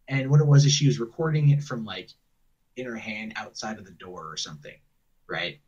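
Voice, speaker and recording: A man's voice: medium pitch, steady tone, a little mellow, husky. Guy telling a story on a call, swears a lot, sounds far off and dull. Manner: rambling, profane, quick to mimic others. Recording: muffled distant secretly recorded call.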